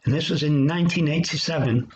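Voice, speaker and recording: Earnest man telling his testimony. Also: a little high. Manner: earnest, reflective storytelling with pauses. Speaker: Christian recovery speaker. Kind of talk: personal testimony. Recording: dull lo-fi sound.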